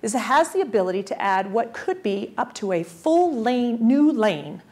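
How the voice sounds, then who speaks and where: A transportation official gives an energetic conference presentation packed with rhetorical questions. Her voice is a little high, and she speaks at a moderate pace.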